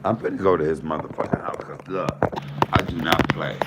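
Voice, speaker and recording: Man, 50s, comedian: low gravelly voice, profane and heated, noisy phone recording. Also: fairly quick. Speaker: comedian host. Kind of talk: casual emotional monologue.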